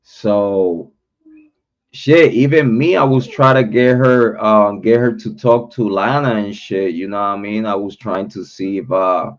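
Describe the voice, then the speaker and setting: A man's voice: fairly low pitch, unhurried. A man hosting a livestream, ranting bluntly and cursing a lot as he calls people out. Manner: blunt, profane call-out talk. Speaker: livestream host. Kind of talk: livestream rant. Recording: dull lo-fi livestream audio.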